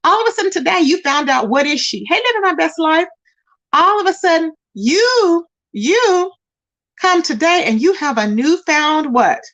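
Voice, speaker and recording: A woman with a high, bright-edged voice hosts a casual livestream. She talks in a sassy, drawn-out way, greeting her chat and gossiping as if to friends. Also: expressive. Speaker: livestream host.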